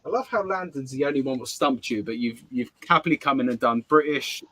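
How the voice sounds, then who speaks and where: A man with a husky, slightly breathy voice hosts a casual live stream. He fires off questions to his guest in a playful, game-like manner. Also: mid-range voice, a little fast, sharp tone. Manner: playful quiz-style questioning.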